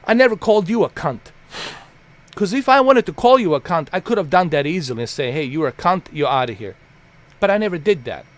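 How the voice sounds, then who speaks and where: A man on a live stream, venting at his chat in a blunt, heated and profane way. His somewhat high voice swings widely up and down as he drives his points home, often saying the same thing twice. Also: animated, fast. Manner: repeats himself for emphasis.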